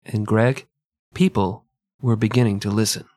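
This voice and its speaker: A man's voice: lowish voice, fairly even intonation, normal speed, darkish tone, no echo, clean studio sound. A man co-hosting a casual history podcast, joking and sarcastic, swearing freely. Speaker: podcast co-host.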